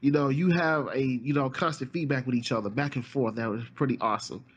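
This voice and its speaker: A man's voice: medium pitch, fairly even intonation, a little fast, breathy edge, dull audio. A man hosting a podcast interview, gushing and enthusiastic, with many fillers. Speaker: podcast host.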